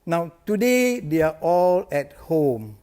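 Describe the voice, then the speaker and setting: Energetic man coaching sales. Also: fairly high pitch, slow pace, clear, resonant tone. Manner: energetic, emphatic, repeats key lines. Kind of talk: motivational live talk.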